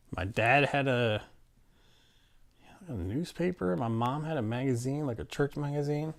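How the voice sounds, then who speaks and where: A man with a somewhat low voice tells a personal story in easy, casual speech. He is animated, trails off into fillers and restarts, and puts on quick voices for the people in his story. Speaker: interviewee telling his story.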